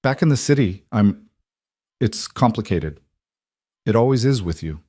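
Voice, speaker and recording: A weary young woman on the run speaks quietly and with restraint, as a male narrator puts her on. Her lines are a touch higher than the narration and sound dry and close. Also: lively intonation, unhurried, no room sound.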